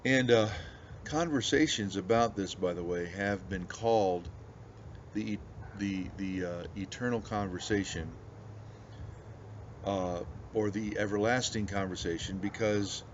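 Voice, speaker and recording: A man's voice: on the low side, a little slow. A man from the United States, a pastor chatting casually to viewers in a rambling, folksy way with many restarts. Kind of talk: casual pipe-smoking video chat. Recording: slightly dull audio with faint background noise.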